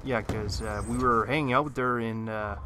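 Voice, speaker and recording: A man's voice: lowish voice, steady tone, normal speed. A man from Canada giving casual, rambling gameplay commentary, swearing often and filling his talk with "uh" and "like". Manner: swears often, many fillers, loose storytelling. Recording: game gunfire noise behind voice.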